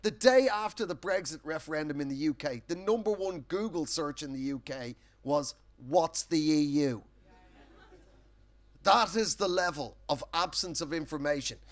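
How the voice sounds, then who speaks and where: A man's voice: a little high, lively intonation, moderate pace, hardly any pauses, a bit bright. An Irish man doing a live stand-up set on a festival stage, telling sweary, punchy stories full of tag questions. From Ireland. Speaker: stand-up comedian.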